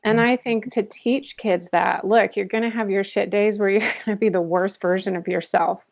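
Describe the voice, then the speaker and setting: A woman's voice: mid-range voice, steady tone, moderate pace, creaky. A woman guest in a candid interview, talking earnestly and reflectively and laughing often, heard over a video call. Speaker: podcast guest, author. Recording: dull lo-fi call audio.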